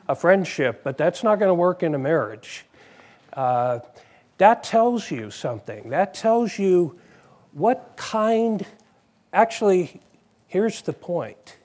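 High-voiced slow preaching man. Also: darkish tone, breathy edge. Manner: conversational, repeats phrases, asks the congregation questions. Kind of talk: sermon.

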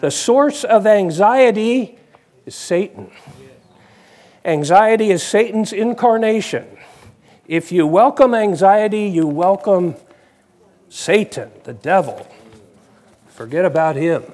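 A man's voice: high voice, animated, slow pace, pauses often, darkish tone. A man preaching a conversational sermon, asking his congregation questions.

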